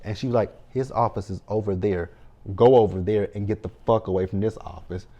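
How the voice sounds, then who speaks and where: Guy with a low warm voice doing a casual tv recap, swears a lot, talks back at the characters. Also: fairly even intonation, fairly quick, highs cut off. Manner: blunt, profane running commentary. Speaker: TV show recapper.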